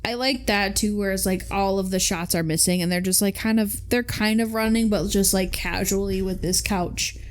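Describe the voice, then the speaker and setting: A woman co-hosting a podcast chats in a loose, animated way. Her voice sits at a middle pitch, and she swears casually as she talks. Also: normal speed, hardly any pauses. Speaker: podcast co-host.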